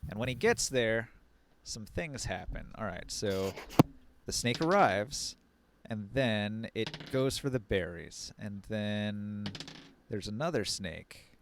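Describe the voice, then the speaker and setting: A man's voice: lowish voice, lively intonation, slow, background noise. A man narrating as game master on a live stream, playful and rambling, with laughing asides into a close mic.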